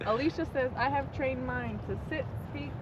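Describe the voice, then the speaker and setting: A woman's voice: high-pitched, moderate pace, crowd noise, low-quality recording. Giggly woman reading viewer comments aloud. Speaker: co-host reading chat. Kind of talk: casual livestream chat. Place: outdoors in a park.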